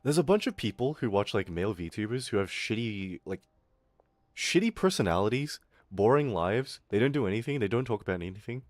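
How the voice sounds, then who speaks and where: A man's voice: on the low side, animated, fairly quick, dry recording. A young Australian man chatting casually on a livestream, rambling, swearing and laughing often, his throat a little irritated. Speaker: VTuber streamer.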